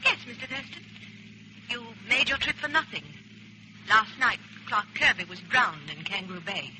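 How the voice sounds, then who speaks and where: A woman's voice: a little high, big pitch swings, normal speed. An actress in a 1940s radio drama playing a scornful, worldly woman with a haughty, dismissive manner, on a hissy old recording. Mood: cool, scornful. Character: aloof, scornful young woman of an outback town. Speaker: local woman giving a lift.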